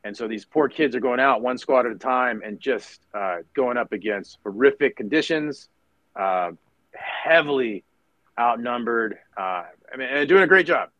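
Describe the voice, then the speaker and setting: A man's voice: medium pitch, normal speed, no echo, muffled recording. A middle-aged man, a retired Marine officer, telling war stories as a podcast guest, acting out other people's lines, swearing casually, with lots of fillers and restarts. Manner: animated storyteller who acts out others' lines, many fillers and restarts. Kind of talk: storytelling interview.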